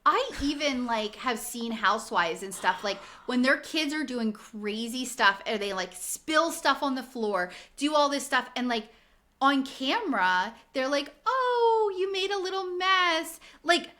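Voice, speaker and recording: A woman co-hosting a podcast in casual chat, blunt and animated, swearing and laughing often. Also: on the high side, unhurried. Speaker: podcast co-host. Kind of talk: casual chat recapping reality TV.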